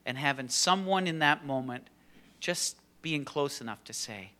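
A middle-aged man preaching a conversational sermon in a personal, relaxed way. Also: on the high side, unhurried. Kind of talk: sermon with story reading.

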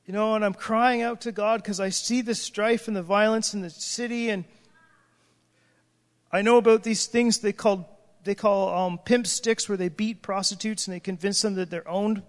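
High-voiced man preaching in a hall. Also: fairly even intonation, moderate pace. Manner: emotional, cries out in prayer, sighs and breaks off. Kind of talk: impassioned sermon. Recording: long hall reverb.

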